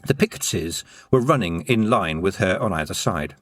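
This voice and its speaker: A man narrating an audiobook in an expressive storytelling manner. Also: low-pitched, moderate pace, dry recording, clean studio sound, soft background music.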